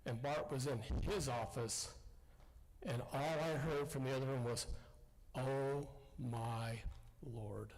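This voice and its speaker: A man's voice: mid-range voice, moderate pace, a little mellow. A man, a veteran, telling self-deprecating, folksy stories at an assembly. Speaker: veteran speaker. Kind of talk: storytelling speech. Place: school assembly hall. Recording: long hall reverb.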